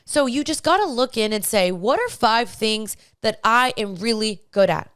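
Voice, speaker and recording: A woman's voice: fairly high pitch, lively intonation, moderate pace, a bit bright, clean tone, no room sound, clean studio sound. A young woman hosting a faith-based podcast, talking straight to listeners in a chatty, encouraging way. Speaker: podcast host. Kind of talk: faith-based advice talk.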